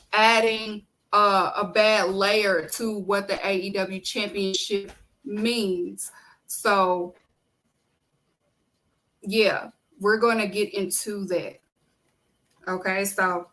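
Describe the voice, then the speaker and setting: Bright-voiced woman hosting a wrestling podcast. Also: mid-range voice, rough recording. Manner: emphatic, repeats key points, conversational fillers. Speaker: podcast host. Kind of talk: casual solo wrestling commentary.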